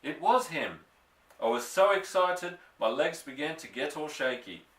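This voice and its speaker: Expressive male storybook reader, lively pitch. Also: far from the mic. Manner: expressive, slowing for suspense. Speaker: audiobook reader. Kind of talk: storybook narration. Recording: roomy, off-mic.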